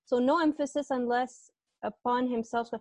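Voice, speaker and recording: Teacher, female, higher-pitched voice, online class, patient step-by-step explainer, dry close sound. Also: steady tone, normal speed, darkish tone, no echo. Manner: patient, explains step by step, asks students questions. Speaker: Arabic grammar teacher. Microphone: earbuds.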